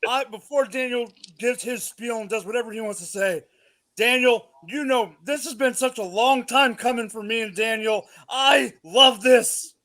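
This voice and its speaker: Very high-pitched, excitable man. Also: normal speed, low-quality recording. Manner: excitable, shouting introductions. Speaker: podcast co-host. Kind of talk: casual sports podcast chat.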